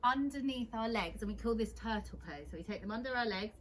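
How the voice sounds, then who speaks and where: A young woman, gently guiding children through a yoga class with steady encouragement. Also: fairly high pitch, fast talker, slight background noise. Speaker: kids yoga teacher.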